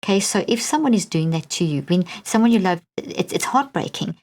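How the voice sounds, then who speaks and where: Woman, middle-aged, South African accent, podcast host, earnest coaching tone, fairly low pitch. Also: lively intonation, fairly quick, darkish tone. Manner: earnest, coaching, repeats "okay?" to check in. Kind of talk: solo podcast monologue.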